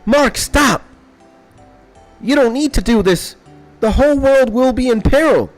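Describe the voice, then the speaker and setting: A man putting on a shrill, panicked voice as someone begging another not to trigger a doomsday button. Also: a little slow, soft background music. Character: frantic man pleading to stop a doomsday button.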